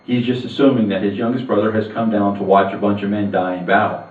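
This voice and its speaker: A man's voice: lowish voice, level tone, fast talker. A man preaching a sermon, retelling a Bible story in a conversational storytelling way with asides to the listeners. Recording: echoey phone-like sound from far off.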